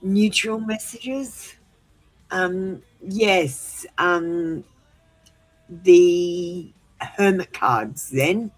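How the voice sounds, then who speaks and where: A woman with a somewhat low voice hosts a live tarot stream in a casual, straight-talking way. She is firm about the chat queue but quick to reassure viewers. Soft music plays faintly behind her. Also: poor audio. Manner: blunt and direct, managing the chat queue; reassuring when viewers feel ignored.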